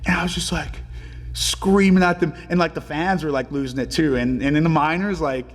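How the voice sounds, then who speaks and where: A man in his twenties, a pro hockey player telling stories as a podcast guest in a relaxed, filler-heavy way and swearing casually. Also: on the high side, brisk, long reverb tail. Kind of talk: casual storytelling interview.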